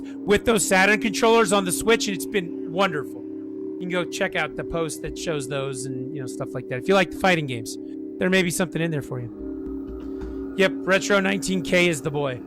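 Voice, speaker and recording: Hoarse, high-voiced chatty streamer man. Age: 40s. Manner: rambling, chatty, talks to viewers and family mid-stream. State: hoarse, scratchy voice after being sick. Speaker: game streamer. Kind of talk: casual live-stream chat.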